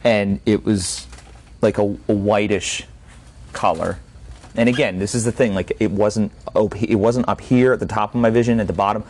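A man's voice: on the low side, fairly even intonation, normal speed, darkish tone. A man hosting a podcast, telling a story in a loose, casual way and swearing freely. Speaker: podcast host.

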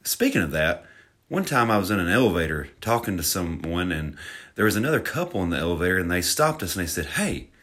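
Bright-voiced Alabama man with a drawl. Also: low voice, big pitch swings, fast. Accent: Southern US drawl. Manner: joking, self-mocking, rambling with restarts. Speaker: podcast host. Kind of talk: casual fitness podcast chat.

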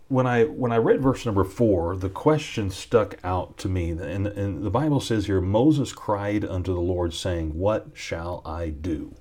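A man's voice: fairly low pitch, a little mellow. A man preaching a sermon, earnest and often restarting his sentences, with rising, emphatic peaks. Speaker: pastor.

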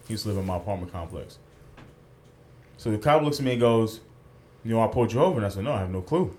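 A man co-hosting a podcast, telling a story in casual chat, acting out the quotes and swearing freely, at a studio mic. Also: on the low side. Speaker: podcast co-host.

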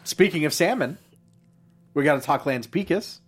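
A woman's voice: sits low, expressive, moderate pace, breathy edge. A woman co-hosting a TV after-show, recapping competitors with jokes and stats in a casual, upbeat chat.

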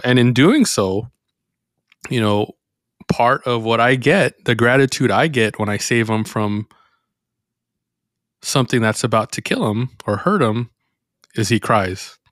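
A man's voice: medium pitch, a little slow, pauses often, fairly bright tone, no echo, studio quality. A man hosting a faith podcast, reflective and meandering as he thinks aloud in casual talk. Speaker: podcast host.

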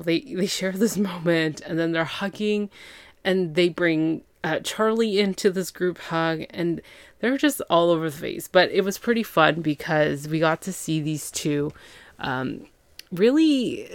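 Female podcast host, low gravelly voice, dry close sound, casual chatty recap. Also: dry recording. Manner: chatty, laughs often, acts out characters' lines. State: tired after a long day. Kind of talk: casual chat.

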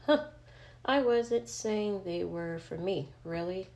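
A woman's voice: medium pitch, slow, darkish tone. A woman voicing a flustered, tired young female student who talks to herself. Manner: self-talking, flustered.

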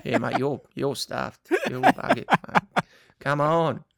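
A man's voice: medium pitch, very animated, slow pace, vocal fry, a bit bright, no room sound, clean studio sound, exaggerated voice. A man putting on a blunt, laid-back male tennis pro, offhand and cheerfully tactless. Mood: breezy.

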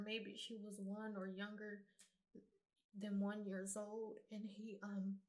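A woman's voice: medium pitch, completely flat delivery, slow. Earnest woman vlogging to her viewers. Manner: earnest and emphatic, talks straight to viewers. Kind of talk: casual spiritual monologue to camera.

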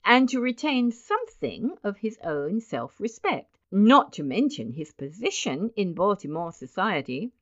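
A woman narrating a story aloud in a wry, expressive reading. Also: mid-range voice. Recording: dull lo-fi recording.

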